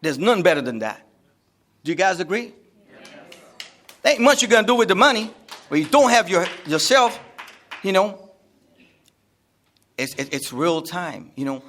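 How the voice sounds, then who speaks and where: A man's voice: high-pitched, very animated, moderate pace, long pauses, fairly bright tone. A man giving a rambling, jokey talk to a live seminar audience, repeating himself often. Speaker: seminar speaker. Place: seminar room.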